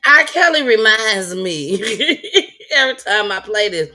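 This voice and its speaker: A woman's voice: medium pitch, big pitch swings, unhurried, sharp tone. A woman hosting a casual live stream, laughing often and greeting her viewers by name. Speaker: live-stream commentary host.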